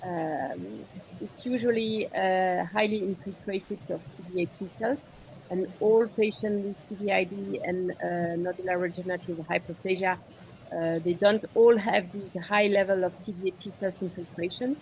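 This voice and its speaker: A woman with a French accent answering questions in an online medical discussion, pausing often on "uh" over a video call. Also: fairly low pitch, fairly even intonation, a little mellow, a little hiss or hum, rough recording. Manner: halting, frequent "uh" pauses. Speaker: speaker.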